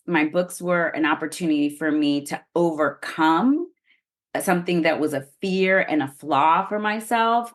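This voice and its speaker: A middle-aged woman with a low voice talks through her own experience on a podcast. She explains things in an earnest, open way, as a guest expert sharing personal stories. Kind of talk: podcast interview.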